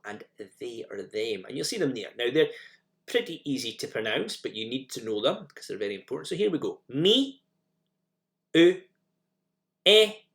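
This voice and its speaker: A man talks through a recorded language lesson with a lively, up-and-down pitch. He explains each step plainly and says example phrases over and over so learners can copy them. A few fillers and restarts slip in along the way. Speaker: teacher.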